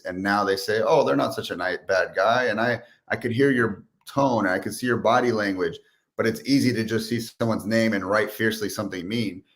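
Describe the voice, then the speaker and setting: A man who is a guest on a podcast, telling business stories in casual chat and acting out quotes as he goes. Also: lowish voice. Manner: animated storyteller, acts out quotes. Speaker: guest, sales expert and entrepreneur.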